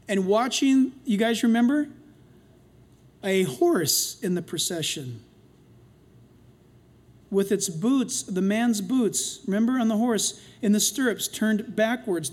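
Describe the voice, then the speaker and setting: An older man preaching a sermon in an animated way, acting out the voices in the stories he retells. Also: sits high. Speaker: pastor.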